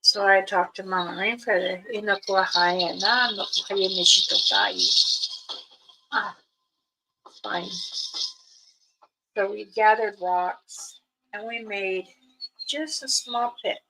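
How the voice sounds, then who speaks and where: A woman elder telling a rambling spiritual story on a livestream, her voice jumping suddenly up in pitch. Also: slow pace, long pauses, background noise. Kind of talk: casual spoken storytelling on a livestream. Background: music.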